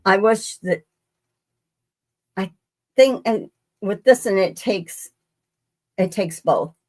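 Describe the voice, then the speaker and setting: Broadcasting from her sewing room, a quilting livestream host leads a relaxed demonstration, her mid-range voice slow and somewhat dark in tone. She wanders in her talk, starting sentences over and calling out viewers by name.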